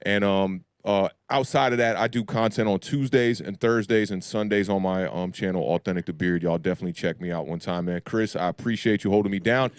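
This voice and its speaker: A man's voice: deep voice, a little fast, hardly any pauses, clean tone, no room sound, clean studio sound. A man from Maryland, a guest sports YouTuber on a video call, talking casually in laid-back slang.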